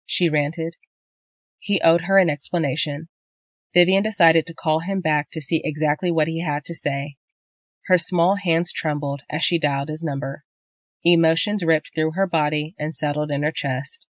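A woman reading a novel as an audiobook narrator in a steady, measured way, on a close studio mic. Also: low voice, dry recording. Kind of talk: scripted narration.

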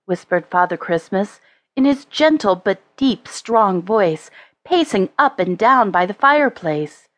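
A woman narrating a children's storybook in a slow, measured way. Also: mid-range voice, no echo. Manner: slow, expressive, measured reading. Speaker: audiobook narrator.

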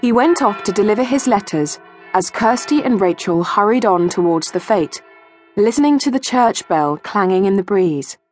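A woman narrating a children's audiobook with expressive storytelling, recorded in a studio. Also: mid-range voice, moderate pace, soft background music. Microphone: studio mic.

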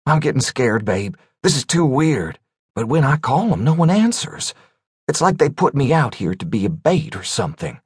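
A man's voice: mid-range voice, big pitch swings, a little slow, husky, no echo, studio quality, pitched above the performer's own voice, heavily acted. A man voicing a scared, nervous man on the run who talks in a quavering, pleading voice.

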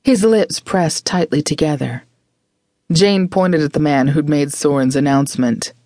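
A woman narrating a romance audiobook in a measured, expressive way. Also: low voice, no echo, clean studio sound. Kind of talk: scripted narration.

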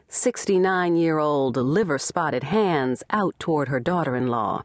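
A woman narrating a novel in a measured, expressive reading. Her voice sits low and swings widely in pitch, and she takes her time. It is recorded close and dry in a studio. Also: no echo. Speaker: audiobook narrator. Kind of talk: scripted narration. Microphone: close studio mic.

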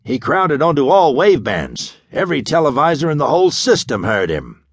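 A man narrating an audiobook and voicing an urgent male spaceport chief dispatcher who talks in a hurried, alarmed way. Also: a little high, big pitch swings, no echo, studio quality.

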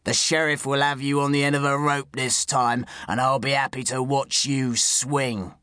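A man's voice: mid-range voice, unhurried, bright, forceful tone, dry recording, clean studio sound. A man voicing a stocky, spiteful male forester who taunts and barks orders. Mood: taunting.

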